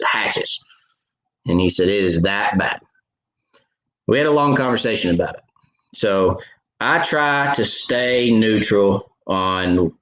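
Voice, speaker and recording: Male host with a lowish voice, rambling storyteller, recorded in a roomy space. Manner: storytelling, animated retelling with many fillers and restarts. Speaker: fishing show host answering viewer questions. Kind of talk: casual live Q&A chat.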